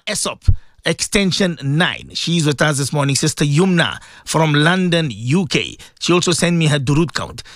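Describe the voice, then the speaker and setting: Animated male radio presenter. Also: high-pitched, no echo, clean studio sound. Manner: animated, addresses listeners directly, sprinkles Arabic phrases. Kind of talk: casual live radio talk. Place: radio studio.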